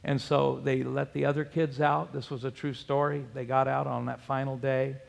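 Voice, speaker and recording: A man's voice: mid-range voice, little pitch movement, moderate pace, creaky. A male pastor preaching a sermon in a church, asking the congregation rhetorical questions and citing scripture. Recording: long hall reverb.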